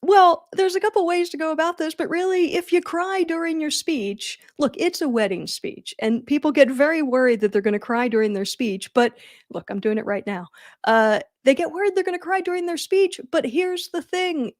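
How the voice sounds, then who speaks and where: Chatty, animated woman with a high voice. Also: dry recording, studio quality. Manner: chatty and animated, with self-deprecating jokes and quick laughs. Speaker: wedding speech writer hosting a live Q&A. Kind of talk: casual livestream advice.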